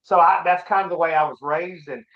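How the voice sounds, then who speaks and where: A middle-aged man as an interview guest, telling his personal story in a halting, reflective, earnest way. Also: fairly high pitch. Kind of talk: casual conversation, personal story. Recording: roomy, dull lo-fi sound.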